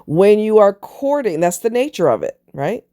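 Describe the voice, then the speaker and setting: A woman's voice: medium pitch, big pitch swings, moderate pace, dark tone. A woman delivering a blunt, emphatic, preachy monologue on relationships, casually swearing as she makes her points. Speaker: relationship commentator. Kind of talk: opinionated monologue.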